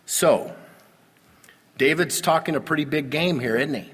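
A man preaching a sermon, pastor at the pulpit, animated with sudden loud emphasis. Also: a little high, a little slow, long pauses, breathy edge, in a large hall.

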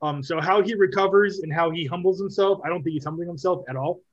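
A man's voice: high-pitched, quick pace. Chatty man with muffled lo-fi sound. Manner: rambling, laughing, many ums and restarts. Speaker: podcast co-host, called Director. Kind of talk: casual MMA picks chat.

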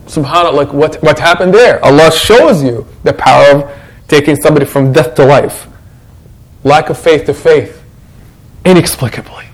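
In a rough recording, an imam with a fairly high-pitched voice speaks at a moderate pace to his congregation. His Quran reflection is animated and conversational, and he acts out what others say.

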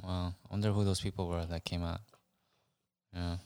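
Casual low-voiced man, smooth and dry. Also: flat delivery, moderate pace, darkish tone, no echo. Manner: loose, swearing, lots of "yeah" fillers. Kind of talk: casual chat.

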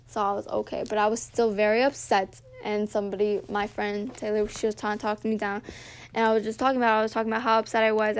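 Teen girl podcast host, slightly high voice, casual rant style, swears freely. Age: teens. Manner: animated, heavy use of "like", swears freely.

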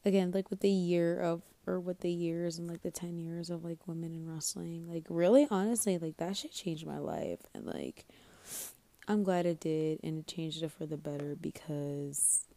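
A woman's voice: on the low side, moderate pace, gravelly, warm tone, no room sound. A young woman hosting her own podcast alone, rambling in a scatterbrained, self-mocking way, sleepy and swearing casually. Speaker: podcast host. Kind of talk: rambling solo podcast chat.

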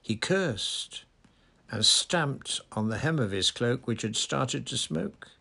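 A man reading a story aloud in a measured, plain narrating voice. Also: medium pitch, animated, vocal fry, bright, forceful tone, husky. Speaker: audiobook reader.

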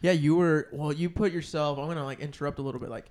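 Male trainer and podcast host, quick and higher-pitched, rambling. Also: a little mellow. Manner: rambling, restarts often. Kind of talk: casual podcast chat.

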